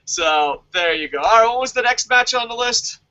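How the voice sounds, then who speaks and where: A man co-hosting a wrestling podcast, talking excitedly in casual chat, swearing constantly and laughing often. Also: extremely high pitch, moderate pace, lo-fi sound. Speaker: podcast co-host reviewing a wrestling show. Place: lives in Japan.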